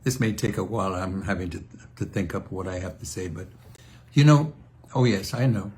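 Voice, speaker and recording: An older man chatting in a casual video diary, halting and restarting often, clearing his throat as he tells fond stories about his family. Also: sits low, a little mellow. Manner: fond, reminiscing storyteller. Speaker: singer sharing a video message.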